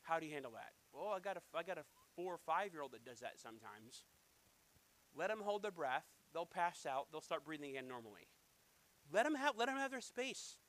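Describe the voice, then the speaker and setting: A man's voice: a little high, very animated, a little fast, fairly bright tone, rough recording. A man preaching as a pastor, emphatic and repetitive, telling stories from his own life. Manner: emphatic, repetitive, anecdotal storytelling. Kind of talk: sermon.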